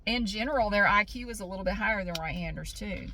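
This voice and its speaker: A middle-aged woman vlogger telling a story casually to the camera, lively, swearing and acting out what people said. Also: medium pitch, quick pace, a little hiss or hum. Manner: animated, swearing, acts out quotes.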